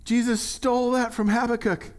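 A man preaching a sermon in a conversational, animated way, acting out little quotes as he goes. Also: extremely high pitch, normal speed. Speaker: pastor.

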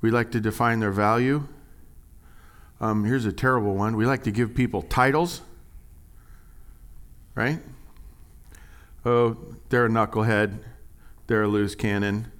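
A man preaching a sermon, animated and jokey, swinging from quiet asides to loud, high exclamations. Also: unhurried, long pauses, smooth. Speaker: pastor.

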